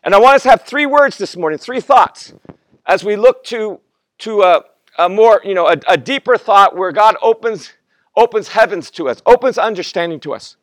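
This guest pastor, a man in his fifties, delivers a sermon built around a personal story, acting out quotes while frequently tripping up and restarting. He sounds animated and high-pitched, talks at a moderate pace, and there's no room sound.

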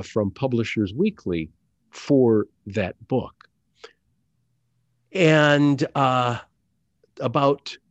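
A middle-aged man, an actor and audiobook narrator, speaking as an interview guest in a deliberate, hesitant way with many fillers and restarts. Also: medium pitch, a little mellow, no room sound. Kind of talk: conversational interview. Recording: dull lo-fi dry sound.

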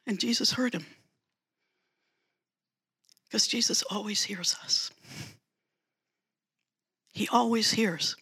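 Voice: mid-range voice, slow, pauses often, bright, forceful tone, breathy edge. A preacher giving a sermon, retelling a story dramatically with emphatic repetition.

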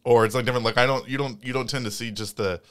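Man, podcast co-host, casual rambling chat, fillers, smooth resonant tone. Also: mid-range voice, steady tone, rapid-fire. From Indiana, US. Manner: rambling, many fillers and restarts. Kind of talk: casual chat, reading listener comments.

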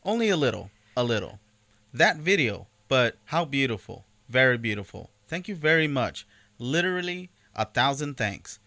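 A man doing an impression of a friendly adult male rock star, reading a translated message in an earnest, halting way. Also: medium pitch, very animated, gravelly, bright, forceful tone, dry recording, exaggerated voice.

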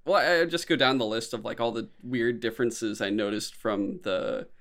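A man chatting casually about a film with friends, animated and swearing, often breaking into squeaky impressions. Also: normal speed.

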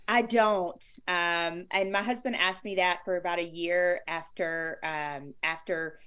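A woman's voice: lowish voice, fairly even intonation, a little slow, a bit bright. A middle-aged woman, a former sportscaster, telling stories in a bubbly, effusive way as a guest in an interview. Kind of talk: conversational interview.

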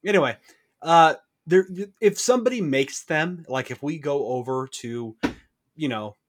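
A man's voice: a little high, expressive, a little slow. A man co-hosting a casual podcast chat, playful and mock-outraged. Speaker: podcast co-host.

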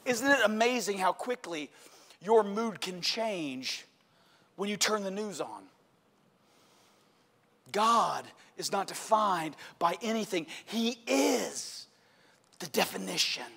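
A man preaching a sermon with passion and shouted emphasis, recorded in a church sanctuary. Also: high voice, expressive, slow, creaky, pauses often. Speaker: pastor. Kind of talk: Easter sermon. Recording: long reverb of a church hall.

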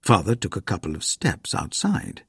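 A man reading a ghost story aloud in measured, quietly dramatic scripted narration. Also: low voice, wildly swooping pitch, gravelly, husky, no echo, studio quality.

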